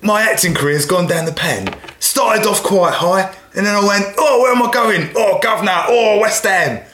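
A man's voice: high-pitched, normal speed, fairly bright tone, a little hiss or hum, voice pushed up. A man putting on a generic Cockney accent to impersonate a brash, blokey London celebrity with a matey, self-mocking drawl. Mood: cheeky. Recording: echoey room.

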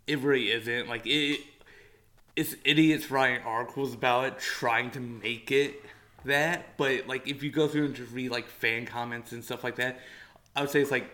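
A man's voice: mid-range voice, fairly even intonation, normal speed, bright, forceful tone. A young man hosting a casual podcast, talking loosely with swearing, fillers and laughter. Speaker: podcast host. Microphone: one shared mic among three.

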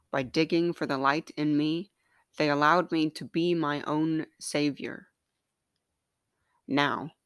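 A woman author reading her own reflective memoir aloud in an earnest, measured way. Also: low voice, no room sound, clean studio sound.

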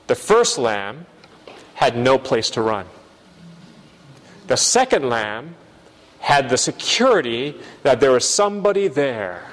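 A man preaching a sermon, telling a story in an animated way and then putting questions to the room. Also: on the high side, in a large hall. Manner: animated storyteller, bleats like a lamb.

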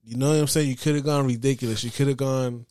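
A man's voice: medium pitch, fairly even intonation, quick pace, mellow, dry recording, clean studio sound. A young American man co-hosting a sports podcast, teasing and needling his co-host in casual banter. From United States.

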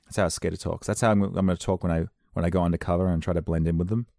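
A man's voice: deep voice, steady tone, rapid-fire, creaky, few pauses, darkish tone, no room sound, clean studio sound. A man hosting a podcast, talking in a casual, rambling way, joking at his own expense and drifting into silly bits. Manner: jokey, self-deprecating, slips into silly voices. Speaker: podcast host.

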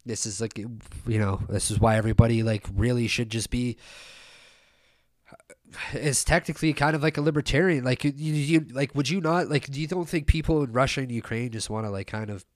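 A man's voice: mid-range voice, dry recording, clean studio sound. A young man talking in a loose, rambling monologue, swearing often and circling back with lots of fillers and restarts. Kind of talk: casual opinion monologue.

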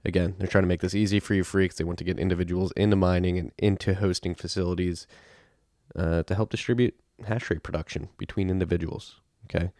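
Low monotone guy reading podcast sponsor ads, offhand, dry close mic. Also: fast, dry recording. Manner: loose and offhand, spells out web addresses. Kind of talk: casual ad read.

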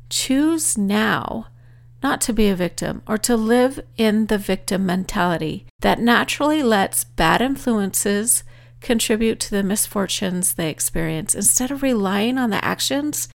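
A woman's voice: mid-range voice, gravelly. A woman author giving a motivational talk, earnestly telling a personal story. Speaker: author and speaker.

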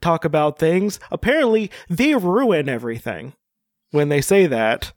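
Casual male co-host, rambling and jokey, higher voice, dry recording. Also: sing-song, a little slow, no room sound. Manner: rambling, many fillers and restarts, jokey. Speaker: podcast co-host. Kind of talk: casual chat.

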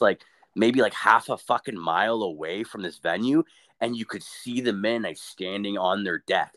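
A man co-hosting a podcast, telling crude stories in casual chat, swearing constantly and laughing often. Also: lowish voice. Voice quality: profane, animated storyteller who laughs a lot. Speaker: podcast co-host.

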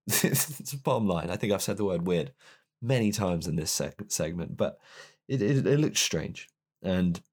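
Deep-voiced young man. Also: darkish tone. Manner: candid, self-deprecating, rambling. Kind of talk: personal storytelling.

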